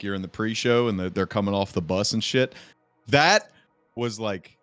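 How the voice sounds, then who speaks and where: Man, deep voice, eager rambling podcast chat, dry. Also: fairly bright tone, no echo. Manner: enthusiastic, rambling. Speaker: podcast guest. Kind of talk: casual chat.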